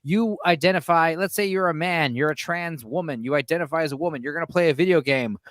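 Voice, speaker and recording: A man from Texas hosts a loose, casual chat with friends, rambling from one joke to the next and swearing freely. His voice sits a little high for a man. It is recorded close and dry, with no room sound. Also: quick pace, fairly bright tone, no room sound. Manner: rambling, profane, joking. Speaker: podcast host.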